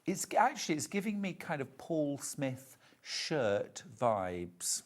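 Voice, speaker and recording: A man's voice: on the high side, very animated, takes it slowly. A man presenting fabrics on a live home shopping show, chatty and full of enthusiasm.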